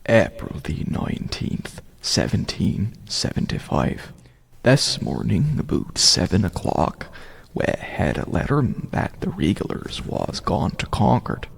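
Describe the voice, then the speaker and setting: A man doing a gravelly colonial militiaman. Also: low-pitched, sing-song, voice pushed down, full character voice. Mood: recounting. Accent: reconstructed 18th-century Merrimack Valley Massachusetts. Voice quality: gravelly, husky. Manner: slow plain diary-style recounting. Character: 18th-century colonial militiaman recounting his march.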